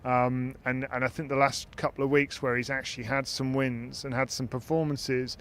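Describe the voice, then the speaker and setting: A man's voice: medium pitch, level tone, moderate pace, fairly bright tone, a little hiss or hum. Thoughtful man in casual discussion. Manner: thoughtful, repeats words while searching for phrasing. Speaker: podcast host.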